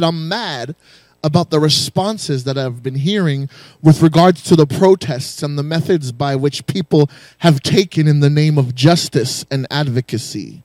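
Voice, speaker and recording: A man preaching a sermon in a high, ringing voice. He drives his points home through repetition and calls on the congregation for praise. The sound is dry and close, with no room echo. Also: measured pace, a little mellow. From raised in a West Indian home. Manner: rhythmic preaching with call-and-response exhortations. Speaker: pastor.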